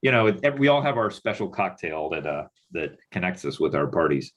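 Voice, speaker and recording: Husky low-voiced middle-aged man, musing. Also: sing-song, brisk, fairly bright tone. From Texas. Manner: musing, loose with many fillers. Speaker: presenter. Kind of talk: panel discussion.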